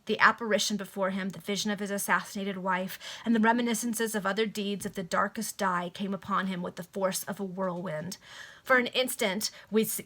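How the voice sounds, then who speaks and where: Bright-voiced woman reading a novel aloud. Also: medium pitch. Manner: breaks off with excited asides to listeners. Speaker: reader. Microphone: video call.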